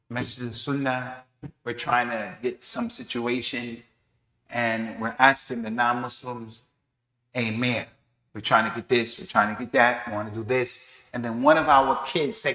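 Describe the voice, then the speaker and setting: Man, mosque teacher, animated storytelling, middle pitch, echoey hall. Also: measured pace. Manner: animated storytelling, acting out quoted voices. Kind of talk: sermon-style lesson.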